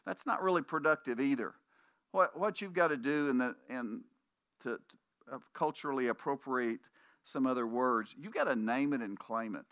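A man's voice: mid-range voice, normal speed, a bit bright, no room sound, studio quality. A man preaching a conversational sermon, telling anecdotes and acting out the voices of people in his stories. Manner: puts on voices when quoting people in stories. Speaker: pastor.

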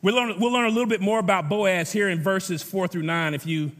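A man with a notably high voice preaches to his congregation in a casual, talky way, leaning on repetition to drive his points home. His voice rings out with a long reverb tail, as if filling a big sanctuary. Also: steady tone, a little fast, a bit bright. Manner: conversational preaching with emphatic repetition. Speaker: pastor. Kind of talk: sermon.

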